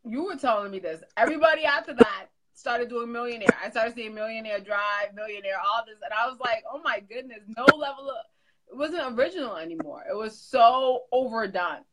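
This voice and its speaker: A woman hosting a casual live-stream chat, chatty and quick to laugh. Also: a little high, heavy background noise. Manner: chatty, laughs often, quotes herself. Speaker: host.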